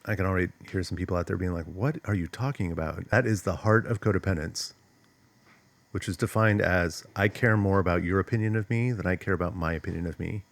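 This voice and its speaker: Middle-aged male host, very low voice, emphatic casual delivery, dry room. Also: steady tone, fast talker, no room sound. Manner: emphatic, conversational, frequent "like" and "right?". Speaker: host, trauma coach. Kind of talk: solo talk to camera.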